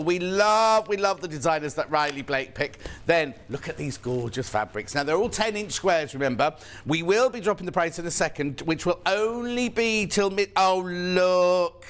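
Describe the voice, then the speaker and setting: Male shopping-channel presenter, slightly high voice, chatty and playful. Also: fairly bright tone. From United Kingdom. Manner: chatty, playful, reads viewer messages. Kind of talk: live TV sales presentation.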